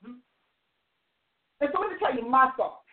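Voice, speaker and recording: A woman's voice: high-pitched, expressive, normal speed. A woman in her sixties telling a story and arguing emphatically, like a host preaching to her audience. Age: 60s. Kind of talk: animated opinion talk. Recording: tinny phone-like sound.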